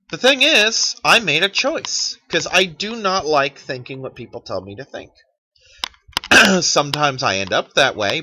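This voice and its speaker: A man in his thirties rants with a lively, swooping delivery and a bright, forceful edge to his voice. He swears freely and slips into sarcastic mock quotes. Faint keyboard clicks sit behind him. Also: medium pitch, a little hiss or hum, rough recording. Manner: profane, animated ranting with sarcastic mock quotes. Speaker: channel host. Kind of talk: ranting monologue.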